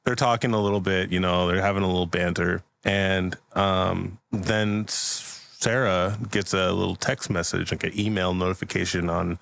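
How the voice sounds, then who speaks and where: A young man in a loose, casual podcast chat, making up a story as he goes. His voice sits a little low, and he rambles, stacks up filler words and keeps breaking into laughter. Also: steady tone, normal speed, creaky, hardly any pauses, fairly bright tone. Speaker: podcast host.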